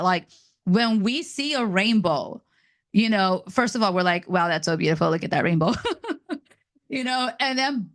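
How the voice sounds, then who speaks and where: A woman's voice: medium pitch, a bit bright, no echo. Chatty woman reading scripture aloud. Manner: chatty, laughs between verses, stumbles on names. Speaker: Bible reading host. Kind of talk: casual Bible reading with commentary.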